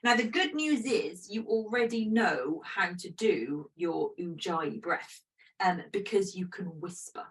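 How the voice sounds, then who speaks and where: Gentle woman teaching yoga breathing. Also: mid-range voice, expressive, measured pace, recorded from a distance, low-quality recording. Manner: gentle, chatty and self-deprecating. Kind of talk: guided breathing instruction.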